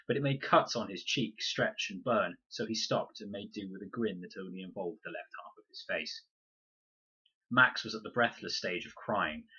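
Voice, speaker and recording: A man reads a children's novel aloud in measured, expressive storybook narration. His voice is low and very husky, yet bright and forceful in tone. The recording sounds dull and lo-fi. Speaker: reader.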